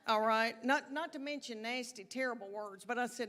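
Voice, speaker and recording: On stage before a live audience, a middle-aged woman delivers stand-up briskly with hardly any pauses, her fairly high voice holding a steady tone. She tells stories in a chatty drawl and acts out quotes while the loud crowd laughs.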